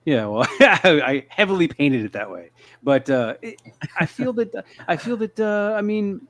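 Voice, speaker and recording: A man's voice: a little high, big pitch swings, fairly bright tone, no room sound. Rambling, self-deprecating man on a podcast. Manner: rambling, halting, full of filler words and restarts; self-deprecating, laughs often. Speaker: podcast co-host. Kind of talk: casual podcast chat.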